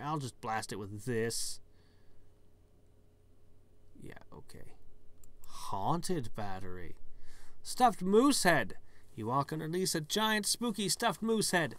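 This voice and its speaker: A man's voice: on the high side, sing-song, slow pace, pauses often, fairly bright tone. Man reading game text with wry asides. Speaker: let's player. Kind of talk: casual gameplay commentary.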